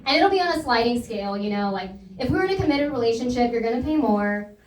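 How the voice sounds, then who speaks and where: A young woman doing a stand-up comedy set in a club, with a deadpan, self-deprecating delivery. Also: on the high side, fast. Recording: echoey club, mic at a distance, loud crowd laughter. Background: audience laughter.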